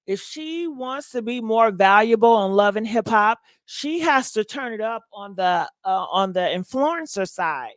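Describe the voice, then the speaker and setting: Livestream gossip host, woman, higher voice, dry close sound, chatty and reads comments aloud. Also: no room sound. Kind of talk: casual livestream chat.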